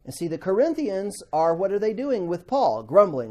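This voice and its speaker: Guy teaching bible class, voice jumps all over, low warm tone, acts stuff out. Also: moderate pace. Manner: animated, acts out quotes, asks the class questions. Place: classroom with students.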